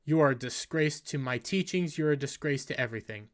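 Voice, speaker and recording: A man's voice: mid-range voice, brisk, close to an everyday voice. A man voicing a stern old male martial arts master who scolds in a scornful way, reading the lines out in a review.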